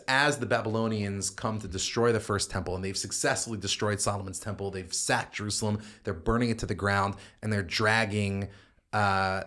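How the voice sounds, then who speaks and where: A man's voice: on the low side, a bit bright. A man, a rabbi, explaining Bible passages in a podcast discussion, quoting Hebrew verses and often restarting his sentences. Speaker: rabbi co-host explaining scripture.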